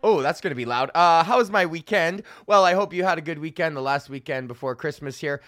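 A young man rants through a casual podcast monologue, swearing freely and wandering between thoughts with plenty of fillers. His voice sits a little high for a man. The studio mic on its stand gives a close, dry sound with no room around it. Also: fairly bright tone, dry recording. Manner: profane, loose and rambling, drawn-out fillers. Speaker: podcast host and stand-up comedian.

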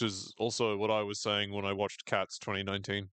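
A man's voice: fairly low pitch, completely flat delivery, fairly quick, few pauses, a bit bright, clear, resonant tone, no room sound. A man co-hosting a podcast, recapping a show in casual chat with sardonic jokes and free swearing. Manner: sardonic, jokey, swears freely. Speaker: podcast co-host.

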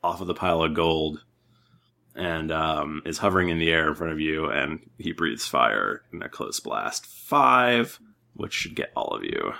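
Man, very low voice, bright and lively, game master narrating, playful. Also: measured pace, vocal fry.

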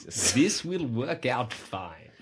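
A man's voice: mid-range voice, very animated, very slow, breathy edge. A man playing a tabletop role-playing game, describing his character's actions and laughing often. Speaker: player.

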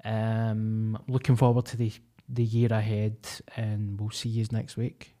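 A man's voice: lowish voice, monotone, measured pace, warm tone. Sweary Scottish man, podcast co-host. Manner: sweary, blunt and jokey. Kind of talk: casual comedy podcast chat.

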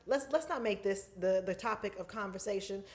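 A woman's voice: mid-range voice, brisk, a little mellow. A woman co-hosting a casual podcast chat, bantering in a playful, teasing way. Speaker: podcast co-host.

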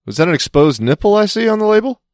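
A man's voice: sits high, very animated, quick pace, dry recording, studio quality. A man co-hosting a comedy podcast, talking in loose, rambling banter and swearing freely. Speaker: podcast co-host.

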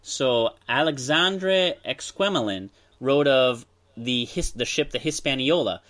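A man's voice: mid-range voice, a little slow, fairly bright tone. A man who hosts a podcast, casually telling history stories with asides to his co-host. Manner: storytelling, explains history with asides. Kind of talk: casual chat.

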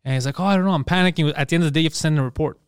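A man in his thirties co-hosting a podcast, telling stories in casual chat with animated, sometimes yelled, acted-out quotes. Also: on the high side, clean tone, no echo, clean studio sound. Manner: fast, animated storytelling, yells when acting out quotes. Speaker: podcast co-host.

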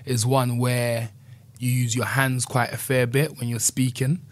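A man's voice: medium pitch, little pitch movement, measured pace. A man speaking earnestly and candidly as an interview guest, often adding "you know". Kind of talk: reflective conversational interview.

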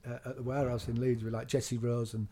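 A middle-aged man tells club stories in a relaxed, animated way. His voice sits at a mid pitch. He laughs often and swears freely as he goes. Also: fast talker. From England. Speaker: DJ guest. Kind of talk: casual storytelling interview.

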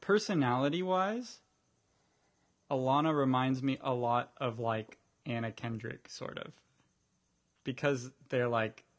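A man's voice: mid-range voice, a little slow, long pauses. A man co-hosting a casual podcast, speaking hesitantly and often restarting his sentences. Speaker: podcast co-host. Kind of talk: casual chat.

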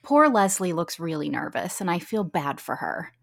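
A woman's voice: on the low side, sing-song, moderate pace, creaky, dry recording. A woman co-hosting a podcast, recapping a show in casual, profane chat with quoted asides. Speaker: podcast co-host.

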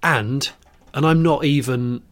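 A chatty man with an everyday mid-pitched voice, swapping stories on a podcast. He laughs easily and restarts his sentences as he goes. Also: slow. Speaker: podcast co-host. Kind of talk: casual chat.

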